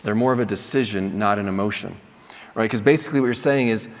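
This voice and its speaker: A man's voice: fairly low pitch, quick pace. Man teaching in a reverberant hall. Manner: conversational, checks in with "right?", acts out sample apologies. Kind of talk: classroom teaching talk. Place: lecture hall.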